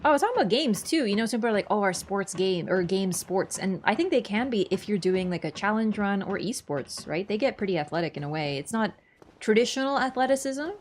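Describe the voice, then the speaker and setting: A woman's voice: medium pitch, lively intonation, fast talker, a little hiss or hum. A young woman from Canada chatting casually and sarcastically as she livestreams a game, rambling with many asides. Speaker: streamer. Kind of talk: casual livestream chat over gameplay.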